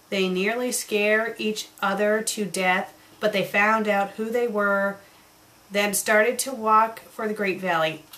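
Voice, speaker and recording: A woman's voice: mid-range voice, a bit bright. A woman reviewing fan fiction, reading passages aloud and breaking in with sarcastic, exasperated commentary.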